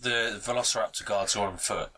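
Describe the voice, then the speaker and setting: A man's voice: lowish voice, steady tone, brisk, noisy background. A man playing in a tabletop game, chatting in an easygoing, chuckling way. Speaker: player. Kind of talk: casual tabletop play.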